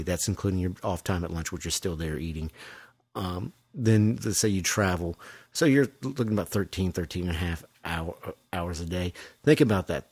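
A man, a lighting technician, talking as a podcast guest. He is relaxed and hesitant and trails off into fillers. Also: low-pitched, breathy edge, no echo. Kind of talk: casual interview chat.

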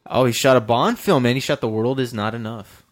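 A man hosting a film podcast in casual chat. He is animated and opinionated, and he swears freely. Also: mid-range voice, fairly quick. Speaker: podcast host and film editor.

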